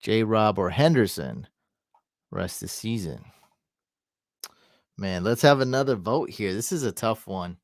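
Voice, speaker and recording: A man's voice: fairly low pitch, lively intonation, a little slow, long pauses, no echo, clean studio sound. A man giving casual fantasy football advice on a live stream, thinking aloud and answering questions from the chat.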